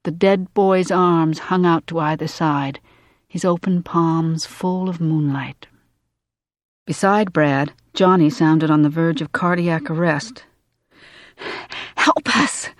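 An audiobook narrator telling a tense story in a measured, even voice. The voice sits at a middling pitch. The recording is close and dry, with no room sound at all. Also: no room sound. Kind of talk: scripted narration.

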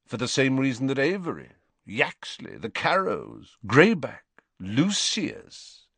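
A man voicing a composed wizard spy who speaks in a calm, bored, measured manner. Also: medium pitch, vocal fry, husky, no echo, pitched above the performer's own voice, full character voice. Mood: cold calm.

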